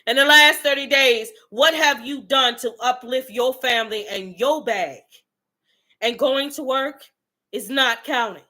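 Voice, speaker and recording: Brief: woman motivational speaker, fierce tough-love sermon delivery, sharp bright tone, slightly high. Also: measured pace. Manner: blunt, profane, preachy, calls out the listener directly. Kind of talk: fiery motivational monologue to viewers.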